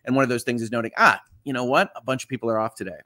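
A man's voice: mid-range voice, very fast, sharp tone, no echo, clean studio sound. A man who is a lawyer, hosting a casual live stream and reading viewer comments aloud in a chatty way, with lots of fillers. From Southeast Michigan.

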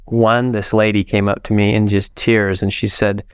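A man's voice: fairly low pitch, level tone, normal speed, clear, resonant tone, no room sound, clean studio sound. An older man from the United States, a podcast guest telling heartfelt stories in an earnest way. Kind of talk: interview storytelling.

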